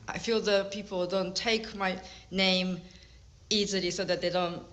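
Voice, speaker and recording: A woman with a Japanese accent speaks up in an online class, her voice bright and clear. She tells her stories in a chatty, laughing, self-deprecating way over a video call. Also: mid-range voice, steady tone, a little slow. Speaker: class participant.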